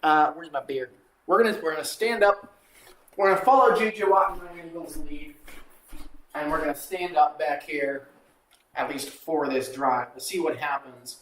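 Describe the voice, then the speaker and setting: A man does amateur play-by-play for a watchalong stream, his voice sitting slightly high. He drifts into filler-heavy, self-deprecating chatter between snaps. The sound bounces around an echoey room. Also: moderate pace, fairly bright tone. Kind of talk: live amateur play-by-play commentary with casual asides.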